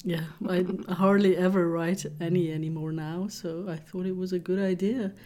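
A woman's voice: lowish voice, fairly even intonation, moderate pace, warm tone. A woman co-hosting a casual chat podcast, teasing and laughing often as she talks. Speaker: podcast co-host and author.

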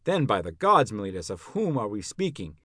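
Voicing an elderly philosopher on trial, a podcast narrator gives a dramatic reading of a classical dialogue with an exaggerated, sing-song delivery. The lowish voice is brisk, pushed and bright as it questions the accuser in a pointed, rhetorical, ironic way, probing and indignant. The studio-quality recording is dry.

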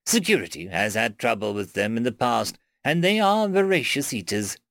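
A man voicing a nervous male alien ambassador who stammers in a high, agitated voice. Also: sing-song, normal speed, a bit bright, dry recording, clean studio sound. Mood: warning.

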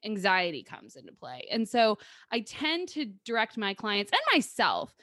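A woman's voice: medium pitch, wildly swooping pitch, normal speed, a bit bright, no echo, clean studio sound. A woman therapist co-hosting a podcast, explaining ideas in a coaching, explanatory way. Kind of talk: casual conversation.

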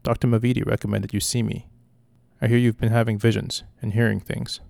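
Calm secretive psychiatrist, read by a gravelly man. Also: lowish voice, fairly quick, no room sound, clean studio sound.

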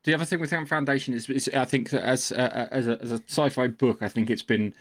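A man's voice: medium pitch, fairly even intonation, fast. A man co-hosting a podcast, talking casually and hesitantly with many repeated words and ums. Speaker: podcast co-host. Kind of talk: casual chat.

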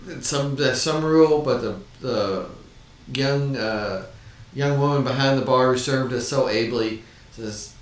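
A man co-hosting a podcast, telling a story in casual chat and pausing often to find his words. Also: mid-range voice. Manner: halting, searching for words. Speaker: podcast co-host. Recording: very echoey room, distant mic.

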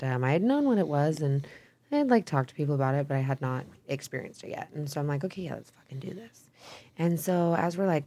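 A young woman from Idaho, a podcast guest, chats casually in a rambling way, filling her speech with "like" and "um" and swearing freely. Her voice is low and mellow.

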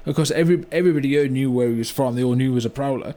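Telling his story in a mock-documentary comedy bit, a remorseful, blunt older British car yard owner, played by an actor, rambles on with "you know" and "right?". The male voice is mid-range, mellow and near-everyday, racing along in a rueful mood.

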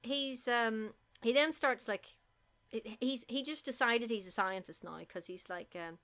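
A woman, casually retelling a film as a giggly, animated storyteller. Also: fairly high pitch, unhurried. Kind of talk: casual chat recapping a film.

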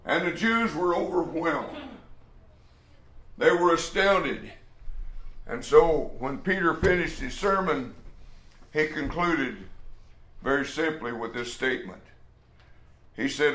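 A man's voice: mid-range voice, takes it slowly, pauses often, a bit bright. A man preaching a sermon, emphatic, acting out the quoted speech of others and sometimes restarting a phrase. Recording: echoey room.

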